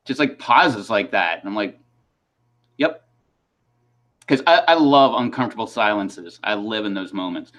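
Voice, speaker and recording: A man's voice: on the low side, animated, a little fast, hardly any pauses, fairly bright tone. A man hosting a livestream in casual chat, rambling and laughing between his sentences. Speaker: host of a livestream.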